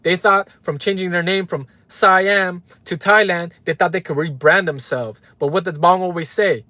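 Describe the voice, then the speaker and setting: This livestream host is a Los Angeles man whose voice is high, pushed and bright, with fairly even intonation at a normal speed. He rants to his chat in a heated, frequently profane way, reads viewers' names aloud, and keeps leaning on "right?" for emphasis. The sound is dry.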